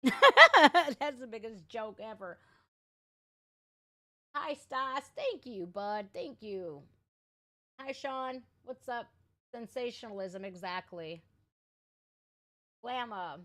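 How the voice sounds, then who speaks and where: A woman's voice: a little high, very animated, pushed and bright, no room sound. A woman from Ohio hosting a live reaction stream, ranting bluntly and swearing freely between laughs. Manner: blunt, profane, quick to laugh. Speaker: livestream reaction host. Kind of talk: casual livestream rant.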